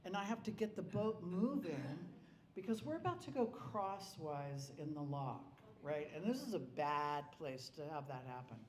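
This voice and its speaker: A man's voice: a little high, expressive, normal speed. Middle-aged man telling stories in an echoey hall. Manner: rambling anecdotes with frequent restarts. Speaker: eulogy speaker. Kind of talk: personal storytelling at a memorial. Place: club hall. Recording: echoey hall with faint ambience.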